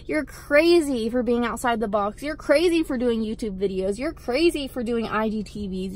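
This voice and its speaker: A young woman with a high voice talks straight to camera as a vlogger, giving a blunt motivational pep talk. She hammers her points home through repetition and swears casually. She is recorded outdoors. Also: lively intonation, moderate pace, hardly any pauses, darkish tone.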